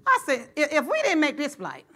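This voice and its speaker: A middle-aged woman with a high, bright voice preaches a sermon, pulling the congregation in through call and response and sharing a story from her own life. Her pitch swoops wildly, she talks a little fast, and she builds to loud shouts.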